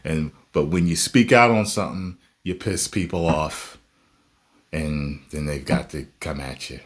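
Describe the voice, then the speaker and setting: A man's voice: very deep voice, a little slow. A man hosting a reaction video, ranting emphatically about the comments and laughing often. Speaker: YouTube reaction host.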